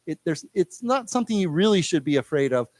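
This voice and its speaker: A man with an American accent teaching a live English class, chatting loosely with many restarts and saying words slowly for the class to repeat. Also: on the high side, big pitch swings, darkish tone, dry recording. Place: lecture room.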